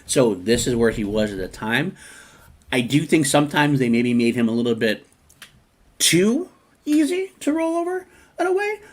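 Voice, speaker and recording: Lively husky man hosting a podcast. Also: medium pitch, normal speed. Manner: animated, rambling with restarts. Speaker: podcast host. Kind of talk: casual podcast chat.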